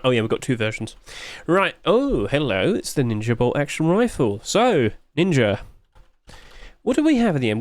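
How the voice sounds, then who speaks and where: Chatty sleepy man reviewing game skins. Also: no room sound. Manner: chatty, rambling, with sudden high-pitched exclamations. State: sleepy, yawning. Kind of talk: casual screen commentary.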